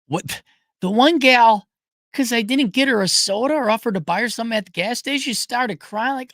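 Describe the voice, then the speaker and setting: At a moderate pace, a middle-aged livestream host fields viewer questions with blunt, opinionated answers, swearing and stressing his points with animated pitch changes. The sound is dry and clean, like a studio.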